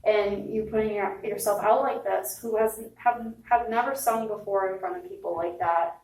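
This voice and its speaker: A woman's voice: mid-range voice, fairly even intonation, normal speed, a little mellow. Brief: young adult woman, chatty vocal coach type, encouraging, off-mic in a roomy space. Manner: encouraging, chatty, many "like" fillers. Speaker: singer giving advice. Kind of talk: casual chat. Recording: echoey room, distant mic.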